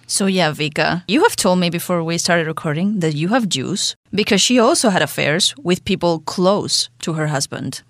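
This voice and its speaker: A woman's voice: on the low side, animated, normal speed, few pauses, no echo, studio quality. Playful woman podcast host. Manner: playful, teasing, laughs often. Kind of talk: casual chat.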